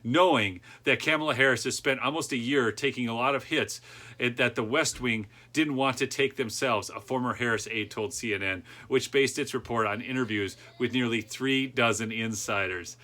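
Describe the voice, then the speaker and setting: A man's voice: medium pitch, normal speed, sharp tone. A man hosting a political podcast, reading news aloud and cutting in with sarcastic asides and laughter. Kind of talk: opinion commentary reading news.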